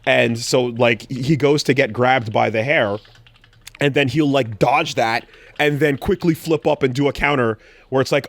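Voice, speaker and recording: A man co-hosting a podcast in casual chat, telling an excited story with animated quoted cries and frequent swearing. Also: mid-range voice, moderate pace. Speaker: podcast co-host.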